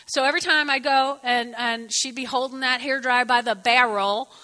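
High-pitched woman preaching casually, bright voice, lots of echo around her. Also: moderate pace. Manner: animated, preachy, rambling asides. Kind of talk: casual sermon-style talk.

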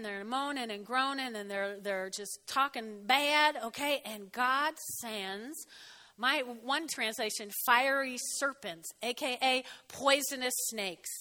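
A middle-aged woman giving a lively sermon, animated and often laughing, swinging from loud to soft. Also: high-pitched. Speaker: preacher.

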